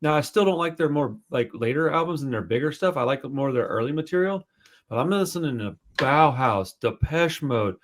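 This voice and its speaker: A man's voice: fairly high pitch, expressive, fairly quick. A man hosting a podcast in casual chat, rambling and swearing freely, self-deprecating. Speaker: podcast host.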